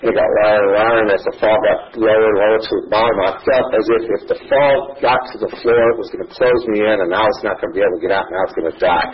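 A middle-aged man giving a personal testimony at a podium, telling his story in an earnest, halting way. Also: lowish voice, husky. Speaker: speaker sharing his recovery story. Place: meeting room at a podium. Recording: muffled lo-fi recording with faint hiss.

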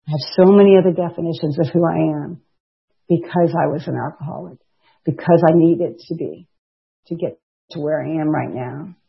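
A middle-aged woman, sharing a personal recovery testimony in an animated, storytelling way, laughing and acting out quotes. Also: deep voice, moderate pace, gravelly, slightly rough, lo-fi sound. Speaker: recovery meeting speaker.

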